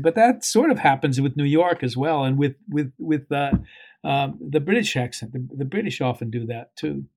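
An older man, a guest actor in an interview, speaking haltingly with many pauses and fillers. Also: medium pitch, lively intonation, gravelly, a little mellow. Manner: halting, many ums and uhs. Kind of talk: conversational interview.

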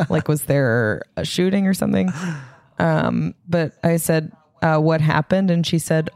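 A woman's voice: low-pitched, unhurried, darkish tone, dry recording. A woman co-hosting a podcast, telling rambling stories in casual chat and laughing along the way. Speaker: podcast co-host.

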